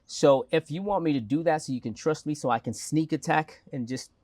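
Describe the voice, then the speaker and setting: A man's voice: fairly high pitch, a little fast, darkish tone, dry recording. A man who grew up in South Africa and speaks with an American-sounding accent lightly tinged with South African, a mayoral candidate joking and rambling with restarts in a casual interview. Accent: American-sounding, slightly South African.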